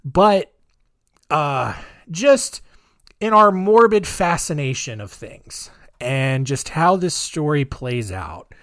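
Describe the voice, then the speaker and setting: A man's voice: a little high, animated, slow pace, fairly bright tone, dry recording, clean studio sound. A man hosting a podcast, telling a story in a chatty, rambling way with sarcastic asides. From United States. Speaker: podcast host.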